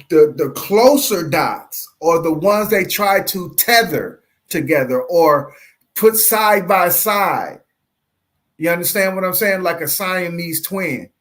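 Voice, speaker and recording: A man with a light Southern accent giving slow, preachy commentary on a livestream, full of rhetorical questions and drawn-out emphasis. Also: high voice. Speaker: panelist.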